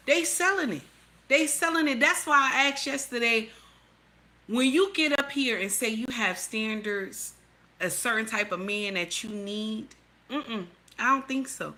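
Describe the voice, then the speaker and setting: A woman's voice: medium pitch, pushed and bright. A middle-aged woman hosting a reaction video, blunt and heated, lecturing her viewers with heavy cursing. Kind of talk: profane reaction commentary.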